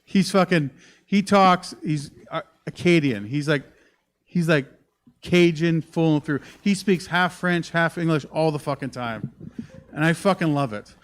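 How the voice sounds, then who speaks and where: A man performs stand-up on a comedy club stage, rambling through a profane, animated story. His voice sits a little high for a man and comes through a handheld stage mic. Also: unhurried. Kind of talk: live stand-up set.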